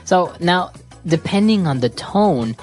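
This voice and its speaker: Low-voiced woman co-hosting an english learning podcast, steady, lots of mm-hmms. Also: slow pace, faint music behind. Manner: steady, guiding, frequent backchannel "mm-hmm". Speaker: podcast co-host and English teacher. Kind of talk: casual teaching chat.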